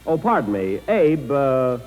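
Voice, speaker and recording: A man's voice: mid-range voice, very animated, measured pace, a little mellow, soft background music. A man hosting a 1940s radio comedy, hesitant and exasperated, full of "uh"s, heard on an old broadcast from a hall. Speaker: comedian host. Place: live show before troops in a hall.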